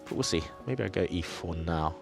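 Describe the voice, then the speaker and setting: Deep-voiced man, thinking aloud. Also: lively intonation, fairly quick, gravelly, over music. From southeast England. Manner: thinks aloud, self-deprecating, chatty with viewers. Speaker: chess player and streamer. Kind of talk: casual live-stream commentary while playing.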